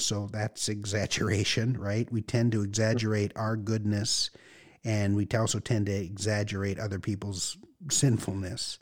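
A man's voice: lowish voice, level tone, moderate pace. A man, a pastor, teaching through a Bible passage in an earnest, conversational way, often repeating words as he gathers his thoughts. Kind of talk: sermon-style Bible teaching.

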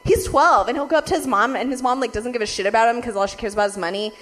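Animated young woman ranting with laughter. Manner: rapid, laughing, heavy "like" filler and profanity; animated swings in loudness and pitch when ranting. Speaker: vlogger. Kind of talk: casual storytelling to viewers.

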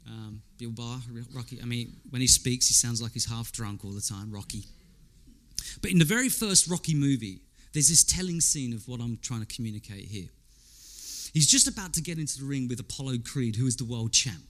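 A man with a medium-pitched, fairly bright voice preaches a sermon in a conversational way, speaking fairly quickly with lively intonation. He poses rhetorical questions to his listeners, repeats words as he goes, and quotes people in character.

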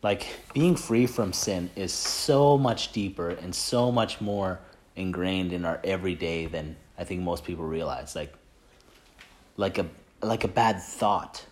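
A man's voice: deep voice, measured pace. A man leading a Christian group, giving a casual faith talk and sharing a testimony. He talks earnestly and conversationally, rambling with many filler "like"s and restarts.

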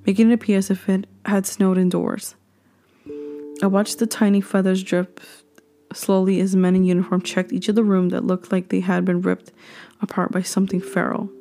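A woman reading a horror story aloud, slow and hushed, sometimes dropping to a whisper. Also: medium pitch, little pitch movement.

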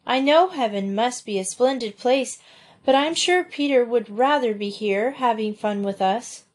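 A woman's voice: fairly high pitch, a little slow, voice pushed up. A woman voicing a blunt girl storyteller who speaks drearily and bitterly. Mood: dreary.

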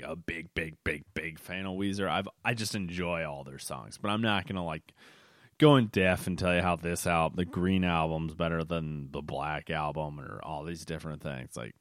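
Low-voiced man rambling about a concert. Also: normal speed, fairly bright tone, no room sound, studio quality. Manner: rambling, with many restarts and fillers; records late at night, yawning. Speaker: podcast host. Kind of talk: casual solo podcast monologue.

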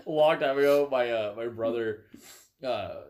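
A man's voice: mid-range voice, normal speed, darkish tone. A young American man co-hosting a podcast, casual and rambling, laughing often and full of fillers. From United States. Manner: giggly, rambling, lots of fillers. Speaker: podcast co-host. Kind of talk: casual chat.

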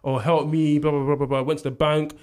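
Fast-talking young man. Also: fairly high pitch, clear, resonant tone. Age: young adult. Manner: animated storyteller who acts out quotes and laughs often. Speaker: university student. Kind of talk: casual storytelling chat.

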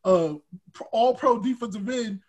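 A male podcast host with a husky voice gets animated in heated sports talk, swinging from shouted rants to low grumbles at a measured pace.

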